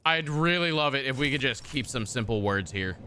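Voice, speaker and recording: A man's voice: medium pitch, animated, brisk, bright, forceful tone, a little hiss or hum. A man streaming a game, reading its text aloud and joking with chat in a casual, profane, mock-exasperated way from his desk.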